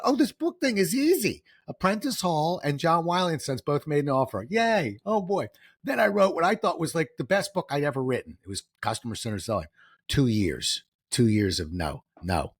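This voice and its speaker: A middle-aged man, guest on an interview, telling stories in a lively way, acting out quoted voices and getting emotional. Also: fairly high pitch, dry recording, clean studio sound. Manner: animated, acts out quoted voices, gets emotional. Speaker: guest, author and speaker. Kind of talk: storytelling interview answers.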